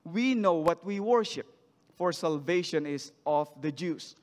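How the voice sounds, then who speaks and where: A man's voice: on the high side, lively intonation, measured pace, darkish tone. A man preaching a sermon, reading scripture aloud and then asking the congregation questions about it. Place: church sanctuary. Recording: long church hall reverb.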